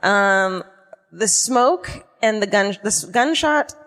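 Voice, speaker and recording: A woman hosting a live comedy podcast, telling a true crime story in a profane, animated way on a concert hall stage. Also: medium pitch, slow pace. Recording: long concert hall reverb.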